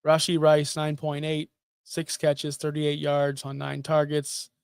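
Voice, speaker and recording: Sarcastic, animated man ranting about fantasy football. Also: on the high side, measured pace, gravelly, clean tone, dry recording. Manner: animated, sarcastic, jokey rants. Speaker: fantasy football podcast host. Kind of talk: casual sports talk.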